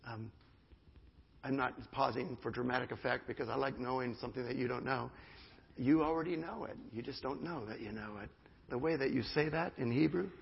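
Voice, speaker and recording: A man's voice: mid-range voice, creaky, breathy edge. A male pastor preaching a sermon, stressing and repeating key phrases, then rising into fervent prayer. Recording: dull sound with long hall reverb.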